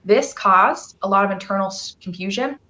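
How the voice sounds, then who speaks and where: A woman's voice: mid-range voice, moderate pace, bright, forceful tone, low-quality recording. A woman from Canada, a guest telling a personal story on a live stream, earnest and emotional, rambling with fillers.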